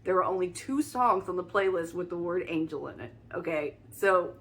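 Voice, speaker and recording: A young woman vlogger speaks in a slightly low voice, recounting a personal experience with eager emphasis. She talks casually, with frequent restarts and fillers, her energy building as she insists the story is true. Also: expressive, normal speed, few pauses, fairly bright tone. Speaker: spiritual vlogger.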